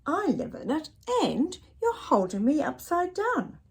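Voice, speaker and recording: A woman's voice: high voice, very animated, measured pace, gravelly, pitched above the performer's own voice, exaggerated voice. Woman voicing a little bird who can't fly. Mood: plaintive. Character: small young bird who cannot fly.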